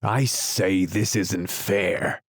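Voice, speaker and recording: An eager, sly male unicorn who cries out his lines, as a male narrator puts him on. The voice sits low and dry, close to the mic, in a storybook reading. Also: husky, no echo, full character voice. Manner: eager, quick to cry out. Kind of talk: audiobook character reading.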